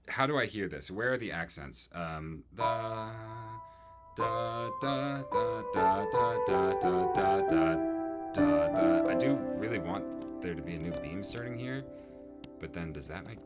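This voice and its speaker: A man composing music and thinking aloud, muttering to himself and humming melodic lines on "da". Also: deep voice.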